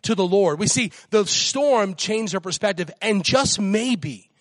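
A man preaching a sermon as guest pastor, climbing to excited high peaks and dropping to soft near-whispers. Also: a little slow, dry recording.

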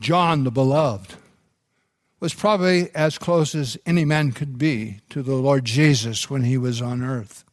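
A middle-aged man, a pastor preaching a sermon, telling stories in an unhurried way with some restarts. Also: medium pitch, no room sound, studio quality. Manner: unhurried storytelling delivery with restarts.

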